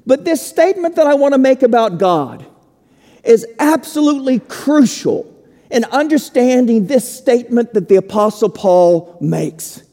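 A man preaching a sermon slowly and emphatically, with dramatic pauses. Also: very high voice, dark tone, big-room sound. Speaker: pastor.

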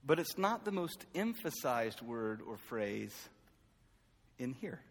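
A man's voice: medium pitch, big pitch swings, slow pace. Male pastor, conversational sermon with self-deprecating asides, long hall reverb. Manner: conversational, self-deprecating, swings from loud calls to quiet asides.

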